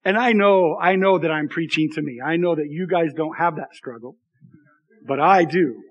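High-voiced man preaching a casual sermon. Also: moderate pace, muffled recording. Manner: conversational, self-deprecating, frequent "right?" asides. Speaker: pastor.

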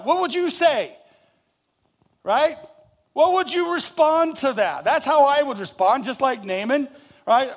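A man preaching a sermon, animated and jokey, acting out people's reactions and asking his congregation questions. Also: very high-pitched, slightly rough. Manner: animated, acts out reactions with rising and falling loudness. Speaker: pastor.

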